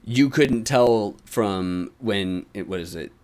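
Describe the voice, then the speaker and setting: A man's voice: on the low side, slow, darkish tone. A man hosting a casual anime podcast, rambling, swearing and laughing often. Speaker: podcast host.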